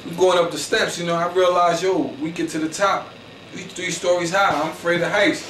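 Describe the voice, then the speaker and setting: His voice sits high and fairly bright, steady in tone and fairly quick, as this slangy Philadelphia comic tells a rambling, boastful comedic story punctuated nonstop by "you know what I'm saying." The recording is echoey and distant, with faint noise.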